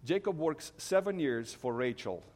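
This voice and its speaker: A middle-aged man preaching, his voice sitting a little high for a man. He tells the story earnestly, often stumbling and restarting mid-phrase. His words ring out with a long reverb, as in a large hall. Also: expressive, a little slow, a little mellow. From Romania. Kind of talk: sermon on a Bible story.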